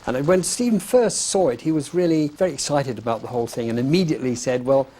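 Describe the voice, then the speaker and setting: Brief: male prop maker, mid-pitched, halting, faint background hiss. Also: animated, mellow. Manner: hesitant, lots of uh and um. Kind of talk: interview.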